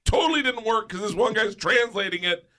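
A man guesting on a talk show, telling animated anecdotes with frequent laughter and acted-out voices. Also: high voice, fairly quick. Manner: animated, laughs often, acts out voices in stories. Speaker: guest storyteller. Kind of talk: casual chat, anecdote telling.

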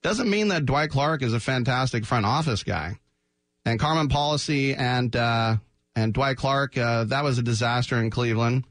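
A man hosting a sports talk radio show, animated and jokey, often slipping into quick mock voices. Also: mid-range voice, no room sound, studio quality. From San Francisco Bay Area. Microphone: studio microphone.

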